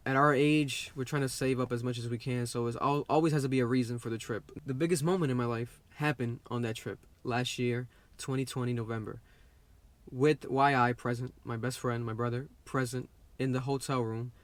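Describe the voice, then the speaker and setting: A man's voice: mid-range voice, fairly even intonation, normal speed, no room sound. A young man chatting casually as a vlog co-host, rambling and restarting his sentences. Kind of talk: casual chat.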